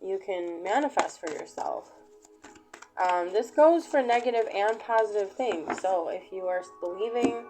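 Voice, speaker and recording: A woman giving a casual collective tarot reading to camera, talking in an unhurried, rambling way with many fillers. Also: mid-range voice, expressive, music in the background, low-quality recording. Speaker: tarot reader.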